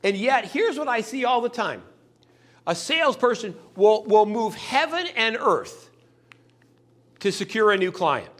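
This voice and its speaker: A man's voice: high-pitched, unhurried. A man giving a motivational sales training talk, acting out customers and salespeople in little scenes. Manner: animated, acts out customers' voices in little scenes.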